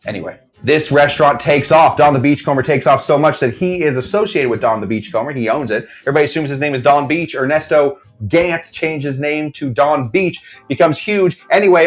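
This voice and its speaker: A man teaching a live online cocktail class. He tells bar history in a rambling, jokey way and slips into mock voices for quotes. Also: mid-range voice. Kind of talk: casual live-stream storytelling lesson.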